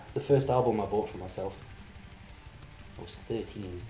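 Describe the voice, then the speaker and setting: A soft-spoken man in his thirties, giving brief quiet replies in a casual chat. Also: lowish voice, moderate pace, soft background music. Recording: very echoey room, far off with hum.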